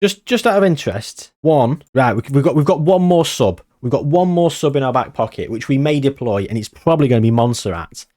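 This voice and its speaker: A man giving excitable, nervous live commentary on a game he is playing. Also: mid-range voice, fairly quick, few pauses. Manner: excitable, nervous, reacting loudly to match moments. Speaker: gaming channel host.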